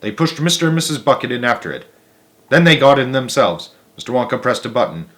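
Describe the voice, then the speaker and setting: A man's voice: medium pitch, lively intonation, fast talker, a bit bright. Man reading a children's book aloud. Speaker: storyteller.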